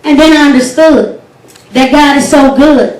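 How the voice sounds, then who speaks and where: Young female slam host reciting earnest, rhythmic devotional verse; high voice, roomy and distant. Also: moderate pace, darkish tone. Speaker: poetry slam host and poet. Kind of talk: spoken word poetry performance. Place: event hall. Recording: echoey hall recorded from afar.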